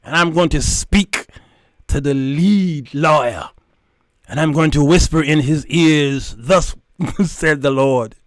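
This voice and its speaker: A man's voice: fairly high pitch, slow, no room sound, studio quality, pitched below the performer's own voice. A man imitating an eager, self-important woman lawyer who speaks in a preachy, grandiose way and stretches her words.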